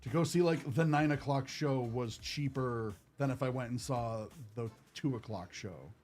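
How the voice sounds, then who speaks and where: A man's voice: mid-range voice, normal speed, darkish tone, faint music behind. A young man hosting a card-opening stream, chatting casually and rambling with lots of fillers. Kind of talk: casual chat while opening cards.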